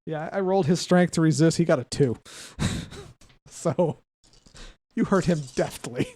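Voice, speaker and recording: A man's voice: fairly high pitch, measured pace. A man running a tabletop role-playing game as game master, narrating with frequent laughter. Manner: laughs often, relaxed narration.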